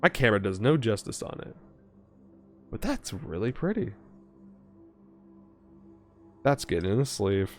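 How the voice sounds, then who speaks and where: A young man casually narrating a card pack opening, reading card text aloud quickly and reacting with excitement. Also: lowish voice, faint music behind. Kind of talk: casual commentary while opening card packs.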